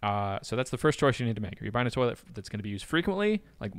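A man's voice: medium pitch, big pitch swings, very fast, smooth, dry recording. A man hosting a podcast in casual chat, retelling a story with frequent laughs and fillers. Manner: chatty, laughs often, many fillers. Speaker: podcast host.

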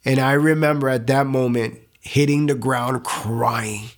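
A young man giving an earnest, emotional personal faith testimony, halting at times and repeating words. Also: medium pitch, steady tone. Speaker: testimony speaker.

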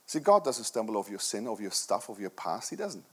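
A man's voice: fairly low pitch, very animated, fast talker, fairly bright tone, breathy edge. A middle-aged man preaching a sermon to his church, earnest and conversational, with many rhetorical questions. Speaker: pastor.

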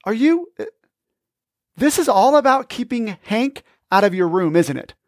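A man's voice: extremely high pitch, sing-song, unhurried, dry recording, clean studio sound, voice pushed up, heavily acted. A man voicing a squeamish teen boy who sounds grossed out and incredulous. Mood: disgusted.

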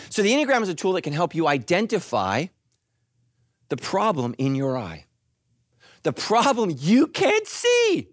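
A middle-aged man preaching a sermon, animated and joking, acting out quoted voices. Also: high-pitched, normal speed, dry recording, clean studio sound. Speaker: pastor.

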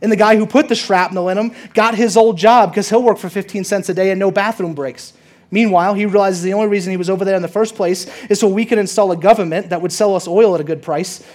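Man reading as brilliant bitter young man, sardonic rant, high-pitched male voice. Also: fairly even intonation, fast talker, darkish tone, lightly acted. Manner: long sarcastic rant read aloud. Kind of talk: reading a movie monologue in a sermon.

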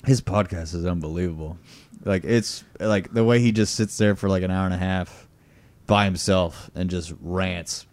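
A man's voice: low-pitched, steady tone, moderate pace, darkish tone, no room sound. A man hosting a podcast, chatting casually, laughing often and acting out comedy bits as he retells them. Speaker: podcast host. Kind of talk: casual chat.

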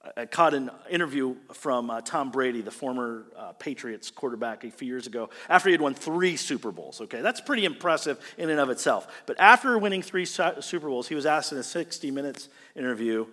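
A male pastor delivering a sermon in a lively, sing-song way, his voice swinging high and low. His tone is bright and forceful, and it rings out in a church hall with a long reverb. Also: fairly quick, few pauses. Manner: animated, conversational, asks the congregation "right?".

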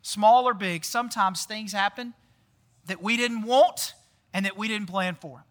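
A man's voice: high-pitched, measured pace, a bit bright. A man giving a casual sermon, chatty and often quizzing the audience with questions. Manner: chatty, often tags lines with "right?". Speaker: pastor.

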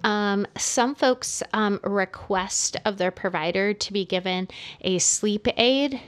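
A woman's voice: mid-range voice, slow pace. A woman co-hosting a casual podcast chat, walking through each step steadily with many "um"s.

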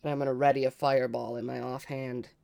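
Player, male: smooth voice, casual and hesitant, curses now and then. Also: mid-range voice, flat delivery, fast, a little mellow. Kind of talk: casual tabletop play.

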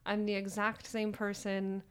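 A young woman talks casually as a podcast co-host, playful and chatty. Her voice sits in an ordinary middle pitch, and she breaks into easy laughs as she goes. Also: clear, resonant tone. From small town. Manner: chatty and playful, quick laughs and lively asides. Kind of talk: casual chat.

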